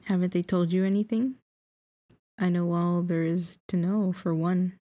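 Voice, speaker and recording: A woman's voice: fairly low pitch, level tone, normal speed, dark tone, close to an everyday voice. A woman reading the lines of a cocky, moody young boy in a game, smug and lecturing.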